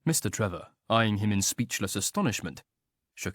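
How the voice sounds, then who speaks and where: In a measured, even storytelling manner, a man narrates a historical romance audiobook from a script. His voice sits on the low side, and the recording is dry with clean studio sound.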